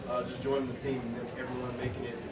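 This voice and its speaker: A man's voice: medium pitch, completely flat delivery, racing, heavy background noise. A man, an actor on a convention panel, speaking hesitantly with many fillers. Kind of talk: casual chat on stage. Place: large convention hall. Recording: echoey hall from far off, loud crowd.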